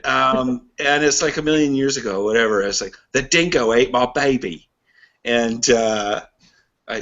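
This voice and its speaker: A man's voice: on the low side, bright, forceful tone, lo-fi sound. A man co-hosting a casual podcast chat, laughing often and rambling through stories. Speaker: podcast co-host.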